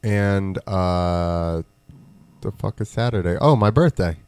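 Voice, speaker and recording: A man's voice: low voice, slow pace, a little mellow, clean tone, dry recording. A man co-hosting a podcast, talking laid-back in casual chat and plugging upcoming comedy shows. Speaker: podcast co-host, comedy show promoter.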